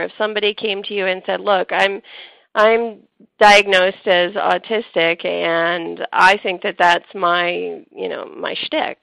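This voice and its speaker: Gravelly-voiced Canadian woman hosting. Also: medium pitch, a bit bright, dry recording, low-quality recording. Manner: chatty, teasing, laughs easily. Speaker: radio show host. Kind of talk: casual interview talk.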